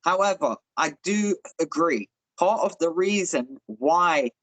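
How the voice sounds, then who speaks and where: A man co-hosting a podcast, giving calm, measured analysis of a boxing match in a casual chat. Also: fairly high pitch, no echo, low-quality recording. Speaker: podcast co-host.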